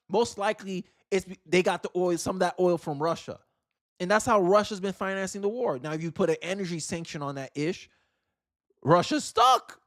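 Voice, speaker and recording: A man hosting a livestream, giving emphatic, opinionated political commentary and repeating phrases for effect. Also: high-pitched. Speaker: livestream host.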